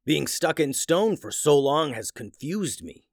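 A man voicing a confused, gruff male minotaur in a children's story, speaking slowly and haltingly. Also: fairly high pitch, sing-song, no room sound, clean studio sound, heavily acted. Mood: bewildered. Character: dazed hulking male minotaur, slow and gruff.

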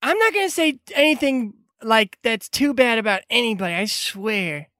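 A woman playing a brash, high-voiced barmaid. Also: expressive, normal speed, a bit bright, no echo, studio quality. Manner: brash, swears casually.

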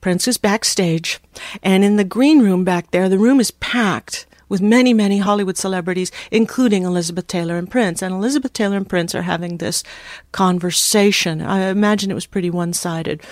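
A woman in her sixties, a studio engineer, telling a story as a guest in a podcast interview, lively and full of restarts. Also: mid-range voice, a little fast, no echo.

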